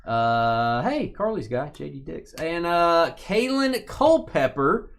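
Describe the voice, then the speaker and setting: A man's voice: slow pace, vocal fry. Joking man hosting a live card break. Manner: joking, rambling, lively pitch swings. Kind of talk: live stream banter.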